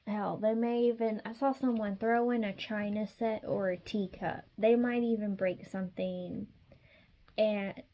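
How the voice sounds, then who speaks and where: A woman's voice: mid-range voice, fairly even intonation, unhurried, dull audio, slight background noise. A woman giving a casual tarot reading straight to the viewer, chatty and sassy. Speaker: tarot reader.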